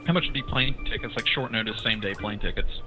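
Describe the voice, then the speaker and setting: A man's voice: on the low side, fast, over music, poor audio. A man from South Carolina with a Southern accent, chatting and teasing as a guest on a stream. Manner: playful, teasing, repeats words for fun. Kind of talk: casual chat.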